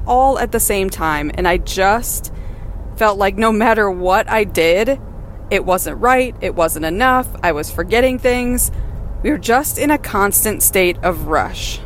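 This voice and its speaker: A woman's voice: medium pitch, a little hiss or hum. Solo mom podcaster, candid and encouraging, recorded in her car, mid-range voice. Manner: candid, encouraging, laughs now and then. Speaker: podcast host and mother. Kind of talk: casual personal monologue. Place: in a car while driving.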